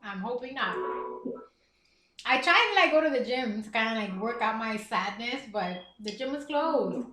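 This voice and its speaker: A woman's voice: fairly high pitch, lively intonation, moderate pace, sharp tone. A woman in her thirties hosting a livestream, chatting candidly and laughing often. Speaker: livestream host. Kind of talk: casual chat. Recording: echoey room.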